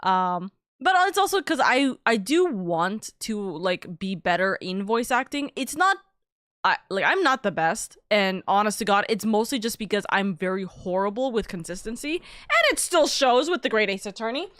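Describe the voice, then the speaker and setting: A woman's voice: medium pitch, animated, normal speed, fairly bright tone, no echo. Rambling young woman streamer, dry sound. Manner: rambling, swears freely, many "like"s. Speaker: streamer host. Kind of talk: casual chat on a live stream.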